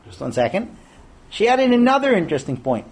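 A man teaching a Torah class to a group of men, lively and animated, acting out quoted voices and asking rhetorical questions. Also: high-pitched, a little fast, slightly rough.

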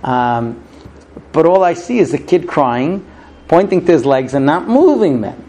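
A man's voice: on the high side, big pitch swings, dark tone. A middle-aged man, not a native English speaker, giving an informal sermon full of stories, often stumbling and restarting his sentences. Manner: halting restarts, storytelling, acts out quoted voices.

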